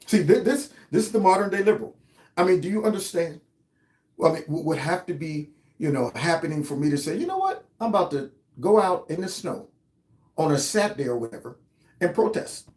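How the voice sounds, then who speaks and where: On his own political commentary show, a man with a fairly high, slightly mellow voice talks a little fast, sounding heated, mocking and sarcastic. The room gives the recording a roomy echo.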